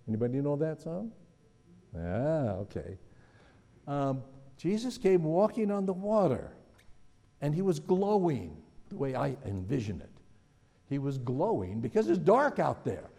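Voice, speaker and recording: A man preaching a sermon in a relaxed, conversational way, musing aloud and putting questions to his listeners. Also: a little high, a little slow, creaky. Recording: long hall reverb.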